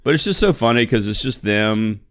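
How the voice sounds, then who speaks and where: A man with a low voice chats casually as a podcast co-host. He is laid-back and laughs often. He drops "man" and "dude" into his talk. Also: lively intonation, normal speed, fairly bright tone, smooth. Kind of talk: casual chat.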